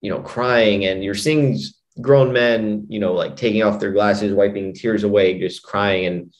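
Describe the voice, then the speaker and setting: A man's voice: lowish voice, steady tone, measured pace, highs cut off. A man, a hypnotist and mind coach, telling a long story as a guest in a casual interview, rambling with lots of "you know" and "like". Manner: rambling, full of "you know" and "like", frequent restarts.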